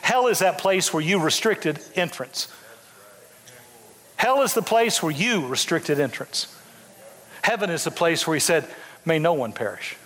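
An older man in his sixties preaches in a church, his voice high and bright with big swings in pitch. He talks in bursts, restarting his sentences as he builds. A long reverb from the hall trails each phrase. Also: a little slow, pauses often. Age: 60s. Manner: animated preaching with repeated restarts. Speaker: pastor. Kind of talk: sermon. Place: church sanctuary.

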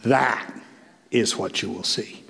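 A man preaching a sermon as pastor, telling stories in an animated way with voiced asides. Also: lowish voice, slow pace, creaky. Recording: long hall reverb.

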